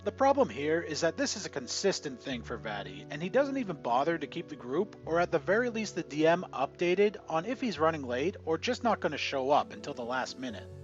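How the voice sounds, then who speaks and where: A man narrating a scripted tabletop gaming story in an animated storytelling manner. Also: a little high, fairly quick, few pauses. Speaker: channel narrator. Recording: dull lo-fi audio with faint music.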